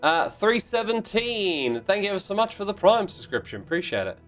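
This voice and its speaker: Animated, playful male livestream host. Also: high-pitched, normal speed, faint music behind. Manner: playful, mock-indignant, exclamatory. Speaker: livestream host playing a block-building game. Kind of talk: casual livestream chat reading viewer messages.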